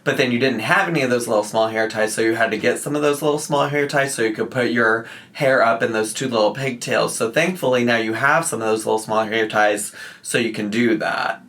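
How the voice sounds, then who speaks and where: A man's voice: mid-range voice, brisk, few pauses, a bit bright. A man hosting a reaction video, giving mocking, exasperated commentary with plenty of swearing. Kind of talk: sarcastic commentary.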